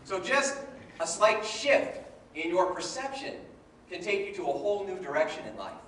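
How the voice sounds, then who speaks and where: A man with a Midwestern American accent giving a humorous, animated motivational talk to a live audience. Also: high-pitched, moderate pace, a little hiss or hum. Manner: humorous and animated, with playful voices. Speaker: motivational speaker. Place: large event hall with a live audience. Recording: echoey hall recorded from far off. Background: audience laughter and room ambience.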